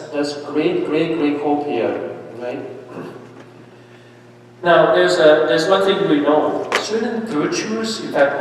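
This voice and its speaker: A fairly high-voiced man preaching in a church, his words ringing back through a long hall reverb. He stands at a distance from the mic. He talks with his listeners more than at them, keeps tagging "right?" and "okay?", and jumps up in pitch and force on the points he wants to land. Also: slight background noise. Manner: lively and emphatic, with sudden rises on key points. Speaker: priest giving a parish mission. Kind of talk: conversational sermon.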